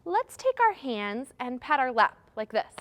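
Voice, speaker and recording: High, slow, sing-song storytime woman. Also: muffled recording. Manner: animated, exaggerated gasps and animal sounds. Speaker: children's librarian leading storytime. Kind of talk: sing-song storytime rhymes for young children.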